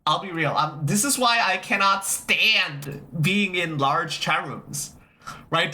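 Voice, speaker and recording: A livestreamer in casual chat, rambling and repeating phrases, swearing freely and greeting viewers as they arrive. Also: mid-range voice. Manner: animated, reacting to chat.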